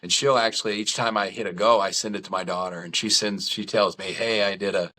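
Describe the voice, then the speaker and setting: Fast and fairly low-pitched, this middle-aged podcast guest tells stories over a relaxed chat. His delivery is spirited, frank and quick to poke fun at himself.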